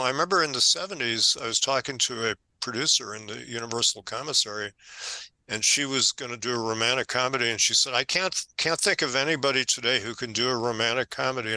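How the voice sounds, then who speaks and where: An older man, an author being interviewed, telling stories in a conversational, animated way and growing emphatic when indignant. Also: mid-range voice, dry recording, rough recording. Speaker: author guest.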